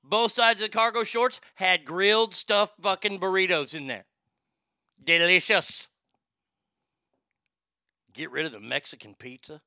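Bright, high-voiced Texan man ranting. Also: unhurried, pauses often, no room sound, studio quality. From Texas. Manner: profane, rambling, stammering restarts. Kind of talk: casual rant.

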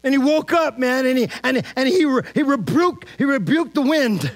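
Male pastor, high voice, casual animated sermon delivery, keeps checking in with the crowd. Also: moderate pace. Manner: animated, repeats "man" and "all right?".

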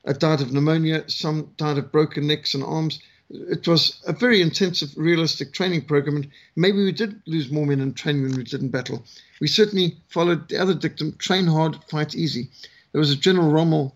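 A man's voice: fairly high pitch, muffled recording. A South African man in his sixties, a missionary speaker telling his life story in a conversational way, with frequent fillers. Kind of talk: testimony talk, storytelling.

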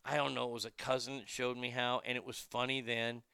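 A man in his fifties hosting a show, chatting casually and bluntly, telling animated stories and acting out callers' voices. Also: medium pitch, brisk, vocal fry, smooth, no room sound, clean studio sound. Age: 50s. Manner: blunt and profane. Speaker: show host. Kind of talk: casual chat reading viewer comments.

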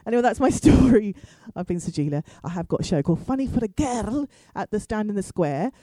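A woman's voice: mid-range voice, animated, a little fast, dark tone, no room sound, low-quality recording. A woman stand-up comedian telling a story with wry asides and free swearing. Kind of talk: comic storytelling.

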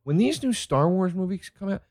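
A man who is a comedian telling stories in a casual monologue, excitable and profane, laughing as he talks. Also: high voice, a little fast, dry recording, clean studio sound. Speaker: stand-up comedian.

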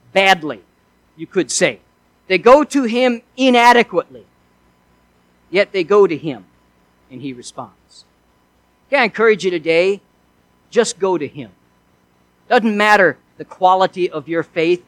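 A man's voice: high-pitched, dry recording, low-quality recording. A male pastor preaching a sermon in an earnest way, asking his listeners one rhetorical question after another.

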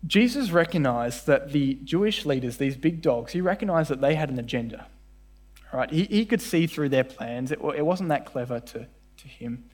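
A man preaching to a church congregation, his voice sitting a little higher than most men's. He is animated and talks straight to the people in front of him, and he slips into acted voices whenever he retells a scene. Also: normal speed. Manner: animated, acts out voices in quoted dialogue. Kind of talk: sermon.

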